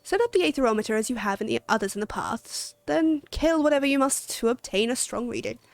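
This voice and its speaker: A woman's voice: on the high side, lively intonation, quick pace, vocal fry, no room sound. A woman reading a game's quest dialogue aloud for a haughty scholar obsessed with aether research, in a lofty, condescending way.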